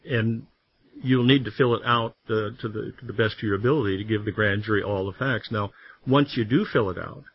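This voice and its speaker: Here a man with a low, husky voice sits in as a studio guest for a radio interview, recounting his time as a former grand jury member. His delivery is earnest yet halting, full of repeated restarts, and the studio-mic audio comes across as slightly dull broadcast sound.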